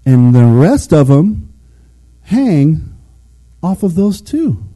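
Speaking slowly in a fairly high, husky voice, a preacher delivers a relaxed, chatty sermon. He's animated throughout, performing short quotes along the way.

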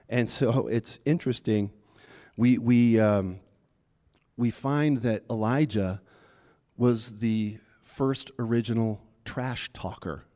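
A man's voice: medium pitch, measured pace, warm tone. A man preaching a sermon in a chatty, conversational way, retelling a story and acting out the taunts with a rising voice.

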